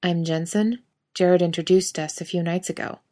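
A woman's voice: fairly low pitch, fairly even intonation, moderate pace, warm tone, natural voice. A woman voicing a tired, grumpy young man who speaks in a dry, clipped way in a storybook reading.

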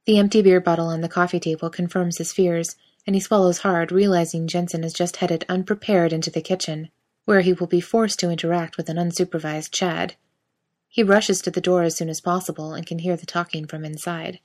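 A woman narrating a story aloud in a steady audiobook reading. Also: fairly low pitch, fairly quick.

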